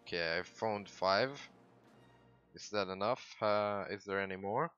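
A man giving casual, excitable commentary while livestreaming a strategy game, swearing and breaking into sudden loud outbursts. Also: lowish voice, a little slow, smooth, muffled recording, faint music behind. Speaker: gaming livestreamer.

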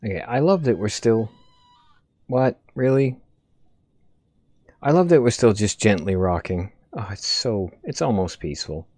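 An excitable man commentating a video game in a lower, mellow voice. His pitch swings widely as he swears and scolds the game's objects. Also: measured pace, pauses often, dry recording. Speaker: gaming video host. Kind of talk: let's play commentary.

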